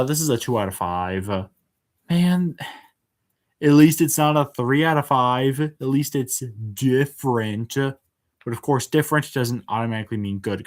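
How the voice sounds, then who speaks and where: A man hosting a casual spoken review, hesitant, with many filler words and restarts, and frank and exasperated in tone. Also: mid-range voice. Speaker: show reviewer.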